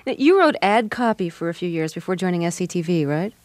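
A woman's voice: on the low side, expressive, fast talker, a little mellow, dry recording. A woman interviewing a guest, inquisitive and a bit hesitant. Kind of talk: radio interview.

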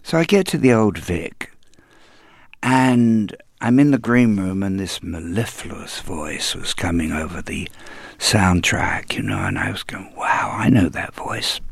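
An older man from London with a trained English accent, a hairdresser telling stories in an unhurried, anecdotal way during an interview. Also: deep voice, animated, vocal fry, husky, no echo. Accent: English, elocution-trained. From London, England. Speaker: hairdresser guest. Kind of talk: relaxed interview storytelling.

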